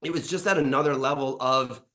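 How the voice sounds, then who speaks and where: A middle-aged man giving a frank interview testimonial as a coaching client, animated, swearing freely and acting out past conversations. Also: medium pitch, brisk.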